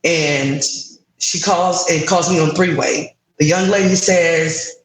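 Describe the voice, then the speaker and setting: A woman's voice: fairly low pitch, fairly even intonation, takes it slowly, roomy sound, rough recording. A woman in her thirties candidly recounting a frustrating personal experience in an interview, with emotion in her voice. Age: 30s. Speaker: guest sharing her story.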